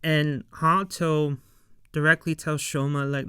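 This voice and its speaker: A man talks through an episode recap in an unhurried, rambling way, leaning on fillers as he retells each scene. His voice sits a bit high and comes across very smooth and clear. The sound is dry and close, with no room around it. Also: fairly bright tone, no room sound. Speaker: show reviewer. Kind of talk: casual recap and commentary.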